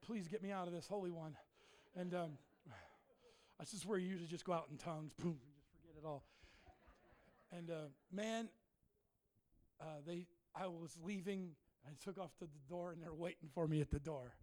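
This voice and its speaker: Preacher, male, middle-aged, high voice, folksy and joking, erupts into shouts mid-story. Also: normal speed, pauses often. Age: middle-aged or older. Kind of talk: sermon storytelling. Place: church in front of a congregation.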